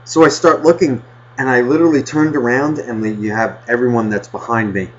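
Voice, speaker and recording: A man casually telling a rambling childhood story on a podcast, swearing constantly and getting animated. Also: medium pitch, fairly quick. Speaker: podcast host. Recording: dull lo-fi podcast audio.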